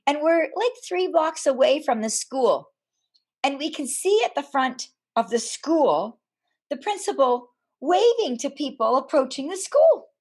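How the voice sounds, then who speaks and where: High-voiced, unhurried woman storyteller. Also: sing-song, a little mellow. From Canada. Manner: slow, deliberate storytelling with dramatic pauses. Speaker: speaker telling a personal story. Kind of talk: personal storytelling talk. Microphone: camera.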